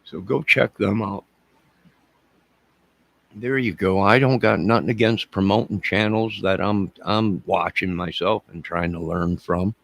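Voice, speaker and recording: Gravelly-voiced man rambling on a livestream. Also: lowish voice, steady tone, unhurried, fairly bright tone. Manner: emotional, repetitive, speaks to chat. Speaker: channel host.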